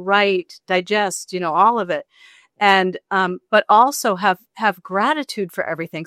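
A woman's voice: lowish voice, dry recording, studio quality. A woman author being interviewed, telling a personal story in casual chat and acting out the people she quotes. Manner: animated, acts out quoted voices, rambling.

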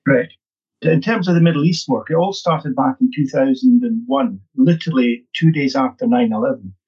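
A man's voice: medium pitch, expressive, normal speed, darkish tone, breathy edge. A middle-aged man, a training consultant, answering interview questions in an upbeat, emphatic way, often repeating words. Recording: dull lo-fi sound.

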